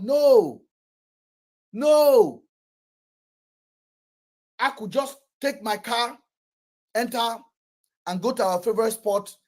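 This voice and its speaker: Nigerian male host, casual storyteller, blunt and boastful, husky mid-pitched voice. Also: slow pace, pauses often. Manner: blunt, boastful, swears freely. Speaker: podcast host.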